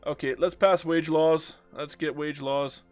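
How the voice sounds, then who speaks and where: A young man with a slightly high voice, tired from hours of streaming a strategy game. He mutters at the game, groans, and cracks jokes as he plays. Soft music plays faintly underneath. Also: fairly even intonation, unhurried. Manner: talks to himself and the game, groaning and joking. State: worn out after many hours of play. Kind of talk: live-streamed strategy gameplay commentary.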